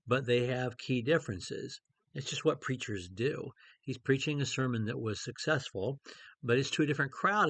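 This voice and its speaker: A man's voice: medium pitch, a bit bright, dry recording. A middle-aged man preaching in a conversational way, with many fillers and restarts as he teaches a Bible passage. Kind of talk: informal Bible study talk.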